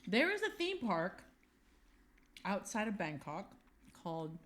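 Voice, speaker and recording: Animated storytelling woman in her fifties. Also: mid-range voice, a little slow. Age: 50s. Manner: animated storyteller, acts out voices in her anecdotes. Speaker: podcast co-host. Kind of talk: casual chat.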